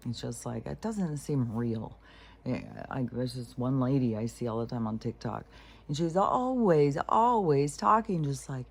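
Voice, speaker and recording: A woman's voice: very deep voice, animated, unhurried. Candid rambling woman musing aloud. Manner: candid, rambling, mocks serene voices in breathy whispers. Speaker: vlogger. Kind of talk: casual spoken monologue.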